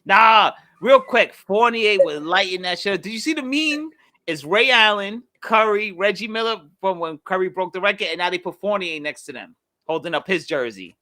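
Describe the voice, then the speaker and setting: A man co-hosting a podcast, talking sports in a casual, animated way and laughing easily. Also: high voice, moderate pace, no echo, studio quality. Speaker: podcast co-host.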